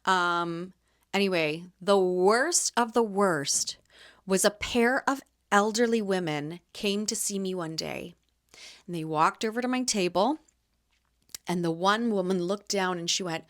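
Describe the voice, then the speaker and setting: A woman in her thirties from Canada, hosting a casual solo podcast and telling lively stories about her market stall. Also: medium pitch, measured pace. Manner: chatty, animated storyteller acting out quotes. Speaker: podcast host and market vendor.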